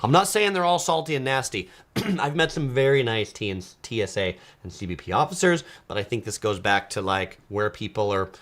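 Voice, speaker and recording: Animated male live stream host. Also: lowish voice, fairly quick. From United States. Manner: animated, drifts into playful mock voices. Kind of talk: casual live stream chat reading viewer comments.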